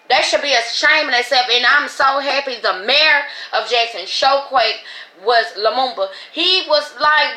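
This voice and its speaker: A woman's voice: high-pitched, measured pace, sharp tone, echoey room, rough recording. A woman hosting a podcast, giving emotional, profane, emphatic commentary. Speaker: podcast host. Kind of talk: casual commentary.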